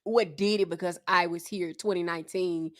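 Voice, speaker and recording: A woman's voice: fairly low pitch, fairly even intonation. A woman co-hosting a casual podcast, joking wryly as she tells her stories. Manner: wry, joking, drawn-out storytelling. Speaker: podcast co-host.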